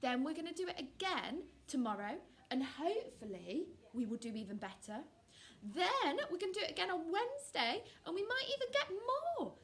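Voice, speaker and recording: Woman, early years teacher, storytelling to young children, expressive, encouraging, slightly high voice. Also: normal speed.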